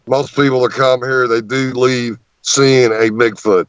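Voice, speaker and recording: Unhurried and clear, a man with a resonant, ordinary mid-pitched voice recounts a story as an interview guest. He's animated and frequently stumbles over repeated words. The audio is muffled and dry, without any room echo.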